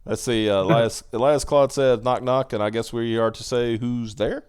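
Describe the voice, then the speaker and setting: A man's voice: medium pitch, fairly even intonation, moderate pace, background noise. A man hosting a casual live stream, rambling through stories with frequent laughter and restarts. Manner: rambling storyteller, laughs often, restarts sentences. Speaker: podcast host.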